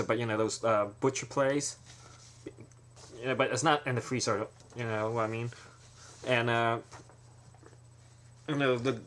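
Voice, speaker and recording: A man with a fairly low voice talks through a film trailer idea in a casual, rambling way. He keeps stopping and restarting his sentences, and a faint hiss sits under his speech. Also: a bit bright. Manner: rambling, full of fillers and restarts. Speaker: amateur filmmaker pitching a trailer.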